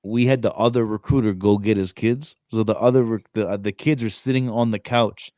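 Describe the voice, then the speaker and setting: A man co-hosting a podcast, a Marine recruiter telling stories in casual, animated chat full of swearing and "bro". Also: fairly low pitch, fairly quick, dry recording. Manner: animated, profane, says "bro" a lot.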